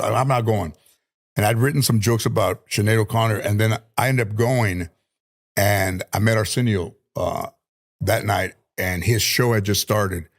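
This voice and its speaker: A man's voice: on the low side, vocal fry. A man as a comedian guest telling stories casually, swearing often and laughing through his lines. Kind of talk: casual storytelling.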